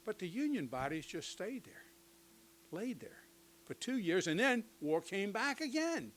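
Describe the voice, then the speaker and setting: An older man giving a conversational history lecture to teachers, with lively asides and touches of humor. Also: sits high, measured pace, a little hiss or hum, poor audio. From United States.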